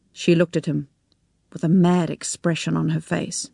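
A woman narrating a story in a measured, expressive storytelling manner. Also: low-pitched, creaky, slightly rough, dry recording, studio quality.

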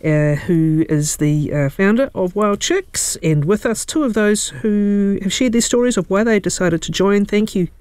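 A woman's voice: mid-range voice, normal speed, hardly any pauses, darkish tone, clear, resonant tone, no echo. A woman hosting a live radio interview, chatty and playful, often laughing. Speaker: radio host. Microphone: studio microphone.

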